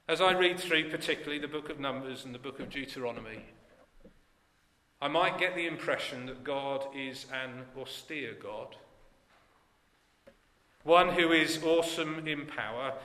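A man preaches with earnest emphasis, his phrase ends dropping away soft and low. His voice has a bright, forward tone. It rings out in a roomy church hall, with a long reverb trailing behind each line. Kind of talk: sermon.

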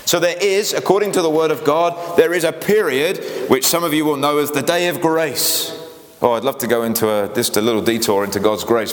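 A man preaching a sermon, earnest and emphatic, often breaking off into small asides and starting over. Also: on the high side. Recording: echoey hall with long reverb.

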